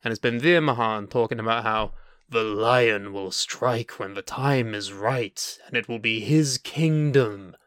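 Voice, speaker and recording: Sarcastic male podcast co-host, teasing, smooth clear voice. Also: mid-range voice, measured pace, fairly bright tone, no room sound, studio quality. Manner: teasing, sarcastic, swears freely. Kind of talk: casual comedic wrestling news chat.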